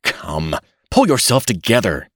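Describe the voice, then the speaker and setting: A man voicing a stern, prim hospital nurse who speaks briskly and severely. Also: lowish voice, huge pitch swings, breathy edge, dry recording, studio quality, heavily acted.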